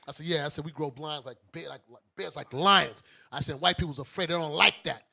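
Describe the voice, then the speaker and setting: A man from Brooklyn hosting a talk show, telling a story casually in an animated, joking way. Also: a little high, a little fast, gravelly, breathy edge. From Brooklyn, New York. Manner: animated, joking, often laughs mid-story. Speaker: host and bishop.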